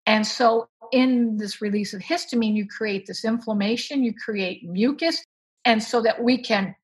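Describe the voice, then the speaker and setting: Animated woman explaining nutrition. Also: a little high, measured pace, husky, rough recording. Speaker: nutrition guest expert. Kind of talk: explanatory conversation.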